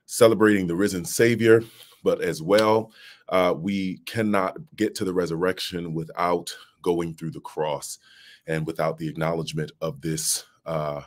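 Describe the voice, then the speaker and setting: A man's voice: low voice, fairly even intonation, moderate pace. A man in his late thirties, a pastor giving a livestreamed devotional talk from an office into a phone, speaking in a preacher's cadence and calling out to his audience. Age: late 30s. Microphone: mobile phone.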